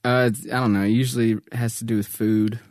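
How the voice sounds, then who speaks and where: A man's voice: medium pitch, little pitch movement, brisk, darkish tone, no echo. An easygoing man on a casual podcast who talks about his pets and laughs often. His voice sits in the middle range. The recording is dry and close. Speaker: podcast co-host. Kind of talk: casual chat.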